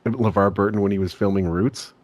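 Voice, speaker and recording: A man's voice: fairly low pitch, steady tone, brisk, a little mellow, dry recording. A man co-hosting a podcast, chatting casually and cracking profane jokes. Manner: joking, profane, laughs often. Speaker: podcast co-host.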